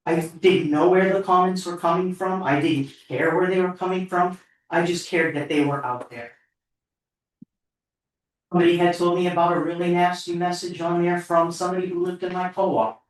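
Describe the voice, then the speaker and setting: A board member speaks at a town meeting, earnest, heartfelt and audibly emotional, in a middle pitch. The voice is heard from a distance in a very echoey meeting room. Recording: echoey hall, far from the mic.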